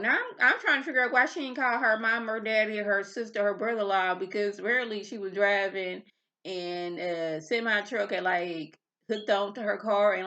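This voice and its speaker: A medium-pitched, bright, forceful voice belongs to a reality TV recap vlogger, a woman in her thirties. Not yet caffeinated and a touch irritable, she chats loosely about an episode and wanders onto tangents; the sound is dull and lo-fi.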